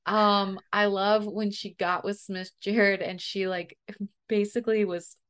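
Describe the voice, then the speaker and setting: Young woman chatting on a podcast, animated, acts out what people said. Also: mid-range voice, unhurried. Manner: animated storyteller, acts out quotes. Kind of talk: casual chat.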